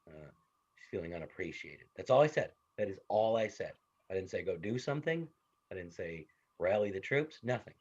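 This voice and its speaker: A low-voiced man lectures a classroom, animated and conversational as he moves between points and asides. The recording is dull and lo-fi. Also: fairly quick, husky. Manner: animated, conversational, tells family stories. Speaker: psychology instructor.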